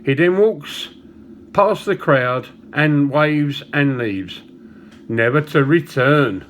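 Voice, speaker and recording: A man, chatting to camera and telling a joke, with small pauses and chuckles along the way. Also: on the high side, a little hiss or hum. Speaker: vlogger.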